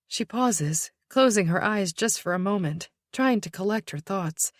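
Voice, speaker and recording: Slow, tense woman audiobook narrator. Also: mid-range voice, lively intonation, no room sound, clean studio sound. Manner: tense, measured, drops to a whisper at dark moments. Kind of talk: scripted narration.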